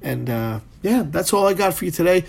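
A man's voice: sits high, animated, brisk, vocal fry, darkish tone. A man hosting a solo motivational podcast, talking in a loose, rambling way with plenty of fillers and swearing. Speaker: podcast host.

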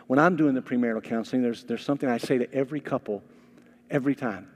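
A man preaching a sermon as a pastor, telling stories with animated, lively acted-out dialogue. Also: mid-range voice, fast talker, big-room sound. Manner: animated storytelling, acting out quoted voices. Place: church sanctuary.

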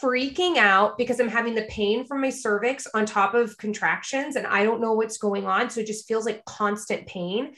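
Animated woman telling a story. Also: on the high side, moderate pace, hardly any pauses. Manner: animated storyteller, acts out quoted people. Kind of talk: casual conversation, storytelling.

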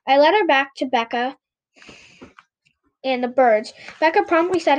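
A woman's voice: sits high, expressive, unhurried, pauses often, lo-fi sound. A woman reading a children's book aloud, often stumbling and correcting herself. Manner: frequent stumbles and self-corrections. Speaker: reader.

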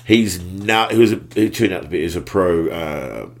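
A man, a podcast guest telling stories in relaxed slang that trails off and restarts. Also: low-pitched, moderate pace. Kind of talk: casual storytelling chat.

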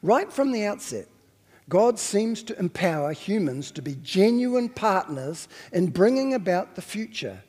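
A man's voice: sits high, big pitch swings, a little slow, darkish tone, breathy edge, big-room sound. A man preaching a sermon as a pastor, reflective and questioning, sometimes stopping to correct himself.

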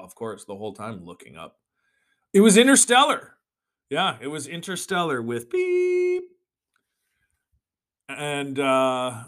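A young man hosting a solo podcast, ranting with swearing and sudden shouted bursts. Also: medium pitch. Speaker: podcast host.

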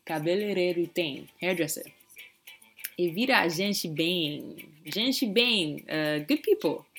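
A woman, a native English speaker, teaching phrases in a casual, playful lesson and repeating words slowly for learners. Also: on the low side. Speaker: language teacher.

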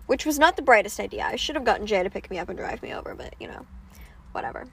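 A woman's voice: mid-range voice, lively intonation, quick pace, vocal fry, fairly bright tone, breathy edge, whispered. A young woman hosting a podcast, telling a story in casual chat, laid-back and swearing freely. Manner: laid-back, swears freely, quotes people in put-on voices. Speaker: podcast host.

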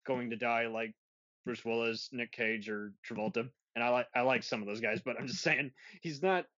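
A man's voice: mid-range voice, steady tone, normal speed, sharp tone, no room sound. A man hosting a casual film review podcast, rambling and restarting his sentences with frequent laughs. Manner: rambling, self-interrupting, laughs often. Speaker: podcast host. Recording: dull lo-fi dry sound.

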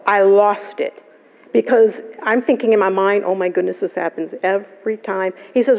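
Woman pastor, sermon, gravelly voice, storytelling, long church reverb. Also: mid-range voice, steady tone, normal speed, darkish tone. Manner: storytelling, conversational, laughs often. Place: church sanctuary. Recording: live church service, long hall reverb.

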